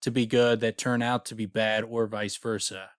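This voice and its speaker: A man's voice: lowish voice, flat delivery, normal speed, clear, resonant tone, dry recording, clean studio sound. A man co-hosting a podcast, chatting casually and sarcastically about a book, swearing now and then. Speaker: podcast co-host. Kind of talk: casual book discussion chat.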